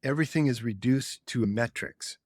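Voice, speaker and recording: A man calmly explaining ideas in conversation. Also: mid-range voice, no room sound, clean studio sound. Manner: measured, explanatory. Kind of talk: reflective conversation.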